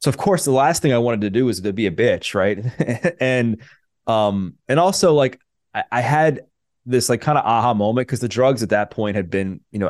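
A man's voice: fairly low pitch, no room sound, studio quality. A man, a personal trainer, telling his life story as a podcast guest, earnest and full of fillers like "um" and "like". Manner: earnest, many fillers and restarts.

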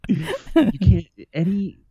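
A man co-hosting a podcast in casual banter, profane and animated, telling stories with laughs. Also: high-pitched, takes it slowly, breathy edge, no echo, clean studio sound. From Boston area. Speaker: podcast co-host.

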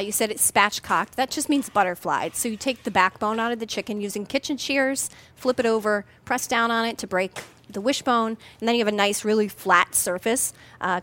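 A woman's voice: mid-range voice, fairly bright tone, a little hiss or hum. Instructive woman cook in a kitchen. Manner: clear, instructive. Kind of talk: cooking demonstration chat.

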